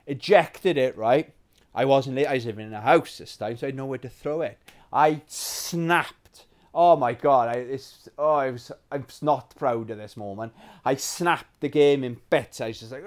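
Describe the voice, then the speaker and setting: A man from England hosting a gaming vlog, telling stories in a rambling, animated way and swearing freely. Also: mid-range voice, moderate pace. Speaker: gaming channel host. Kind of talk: casual storytelling vlog.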